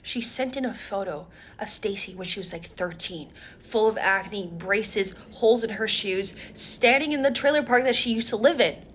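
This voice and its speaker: A woman telling a workplace story in a storytime skit, animated, dropping to whispers and rising again. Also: mid-range voice, moderate pace, hardly any pauses, slight background noise. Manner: animated, switching between whispers and raised voices.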